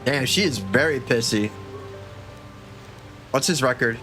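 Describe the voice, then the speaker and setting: A man giving casual gameplay commentary as a streamer, excitable and joking, swearing often. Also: medium pitch, a little slow. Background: game music.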